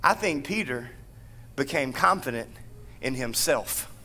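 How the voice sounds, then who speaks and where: A man's voice: medium pitch, lively intonation, unhurried, pushed and bright. A man in his thirties preaching a sermon in a playful, joking way, acting out quotes as he tells stories. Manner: playful, jokey storytelling with acted-out quotes.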